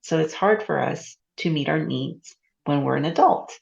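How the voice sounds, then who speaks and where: A woman's voice: sits low, lively intonation, moderate pace, vocal fry, darkish tone, highs cut off. A woman hosting an interview, asking reflective questions and affirming her guest. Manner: reflective, with frequent affirming murmurs. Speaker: host. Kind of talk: casual interview chat.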